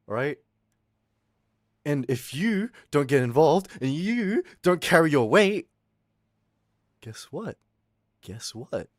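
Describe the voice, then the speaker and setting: Male streamer, animated pitch, dry close-mic sound, rowdy chat reading. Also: no room sound. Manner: loud, swearing, swings from yelling to low mutters. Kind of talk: casual livestream chat with viewers.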